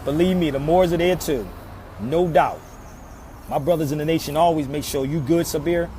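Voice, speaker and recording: A Philadelphia, USA man posting as a social media commentator makes an earnest, insistent street speech, his pleas recurring again and again over loud city traffic. His voice sits a little high yet dark in tone, at a moderate pace.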